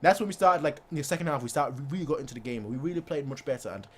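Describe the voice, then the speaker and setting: Young man, fan channel host, high voice, wildly swinging pitch, excited chat, repeats phrases. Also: racing. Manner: animated, boastful, repeats phrases, acts out players' voices.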